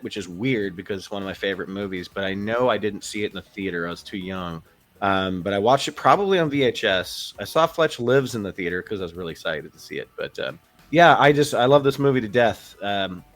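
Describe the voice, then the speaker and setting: A man co-hosting a film podcast, talking casually and rambling with many fillers. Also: on the low side. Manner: relaxed, rambling, many ums and uhs. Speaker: podcast co-host. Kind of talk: casual film review chat.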